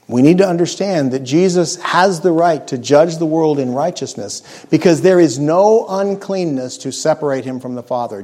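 A man preaching a sermon, earnest and emphatic, letting his voice sink low and soft on key words. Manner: earnest, emphatic preaching with dramatic drops in volume; acts out scripture quotes in character voices.

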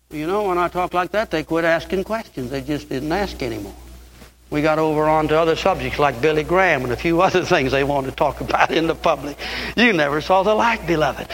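An older male preacher delivers a fiery sermon in a high, piercing voice. He climbs to loud, impassioned peaks and then sinks to quiet, low asides. His tone is bright and cutting throughout. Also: a little fast.

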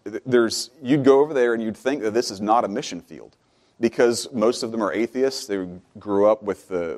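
A man preaches a sermon. He speaks plainly and conversationally, then his voice climbs and grows louder as he exhorts the congregation. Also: fairly low pitch. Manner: builds from quiet and conversational to loud, fervent preaching.

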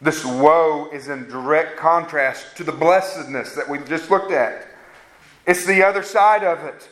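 A man's voice: on the high side, measured pace, a bit bright. A man preaching a fervent sermon that rises to emphatic peaks. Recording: echoey room sound.

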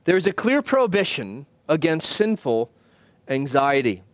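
Man preaching, earnest and measured, fairly high voice, dry close sound. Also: very animated, dry recording. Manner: earnest, measured preaching with emphatic slowed phrases. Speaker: pastor. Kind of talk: sermon. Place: church.

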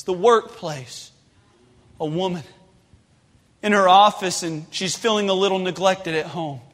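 A man preaching a sermon, passionate and rising to shouted pleas. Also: high voice. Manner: impassioned, builds to shouted pleas. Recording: long hall reverb.

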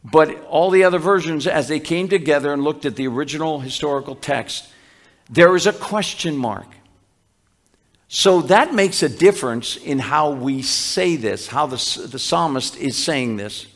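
A male pastor preaching a sermon, teaching patiently, with frequent restarts and slowed, emphatic scripture quotes. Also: fairly high pitch, expressive, a bit bright.

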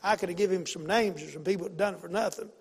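A pastor telling a story in a sermon, folksy and emphatic, repeating phrases and swinging from loud to hushed. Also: male voice, sits high, racing, gravelly, big-room sound, slight background noise.

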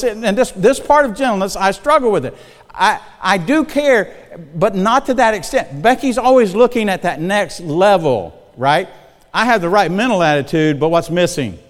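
Middle-aged male pastor, fairly high voice, folksy and conversational, preaching in a big hall with long reverb. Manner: folksy, conversational, checks in with the congregation. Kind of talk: sermon.

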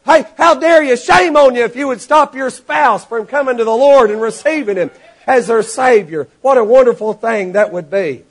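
A man preaching a sermon to his congregation, animated and rising to shouts, acting out the people in his stories. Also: very high voice, moderate pace. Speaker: pastor.

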